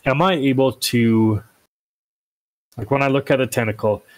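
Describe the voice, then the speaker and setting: A man's voice: mid-range voice, moderate pace, no echo, poor audio. A man playing a tabletop game, thinking aloud and asking the game master questions. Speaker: player. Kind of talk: casual tabletop play.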